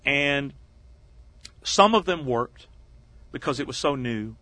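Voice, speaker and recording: Bright-voiced man telling a story. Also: mid-range voice, takes it slowly, no room sound. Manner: animated, acts out quoted voices. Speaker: interview guest. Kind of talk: conversational storytelling.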